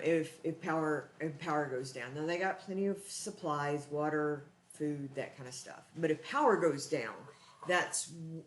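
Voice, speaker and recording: A woman from Texas, with a Texan accent and a lowish voice, hosts a live cooking stream from her home kitchen, where the room sounds echoey. She chats in an earnest, folksy way.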